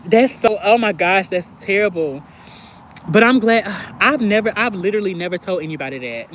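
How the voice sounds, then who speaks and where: Speaking fairly quickly in a mid-range voice, this woman runs a livestream where she chats openly with viewers, reacting to them in a loose, confessional style packed with filler words. A little hiss or hum sits under the recording.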